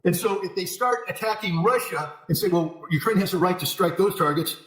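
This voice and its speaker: Male commentator, a touch high-pitched, driving hard, repetitive points in a roomy space. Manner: forceful, repetitive emphasis, sarcastic asides. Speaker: interview guest, military commentator. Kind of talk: emphatic political commentary. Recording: echoey room.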